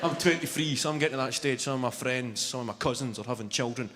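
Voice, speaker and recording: A man's voice: medium pitch, quick pace, very noisy. A young man in his twenties with a Glaswegian Scottish accent doing a brash, sweary stand-up routine. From Scotland. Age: 20s. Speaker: stand-up comedian. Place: large arena stage with a laughing crowd. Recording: live arena recording with long reverb and loud crowd.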